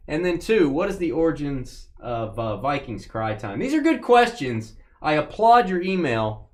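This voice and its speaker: A man's voice: on the high side, normal speed. A man hosting a live card-opening stream, joking and bantering casually with the people in the room and the chat. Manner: playful, joking banter with lively swings.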